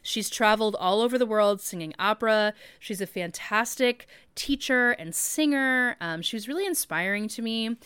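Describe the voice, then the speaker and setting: A woman in her thirties talks through a casual podcast monologue, rambling and chatty with plenty of filler words. Her voice is smooth and clear, recorded close and dry with no room sound. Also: on the high side, expressive, moderate pace, few pauses, a bit bright, dry recording. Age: 30s. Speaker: podcast host.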